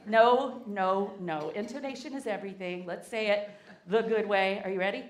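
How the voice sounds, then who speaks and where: A woman's voice: mid-range voice, animated, normal speed. Playful Southern woman preaching in an echoey church. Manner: playful, leads the congregation in call-and-response. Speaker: guest speaker. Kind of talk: sermon. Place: church sanctuary. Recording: echoey sanctuary.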